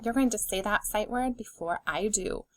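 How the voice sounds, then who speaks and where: A woman with a mid-range voice teaches young children a phonics lesson, sounding out words slowly and clearly while encouraging them. There is no echo in the recording.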